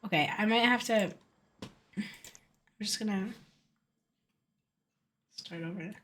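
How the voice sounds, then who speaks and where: A woman's voice: medium pitch, slow pace, fairly bright tone, slight background noise. A woman streaming a game live, chatty and joking as she talks to her chat. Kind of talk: casual live game commentary.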